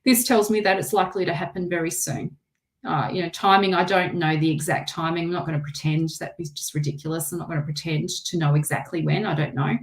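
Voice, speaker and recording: A woman's voice: lowish voice, steady tone, fast. A woman with an Australian accent giving a live tarot reading, chatty and rambling, with lots of restarts. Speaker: tarot reader.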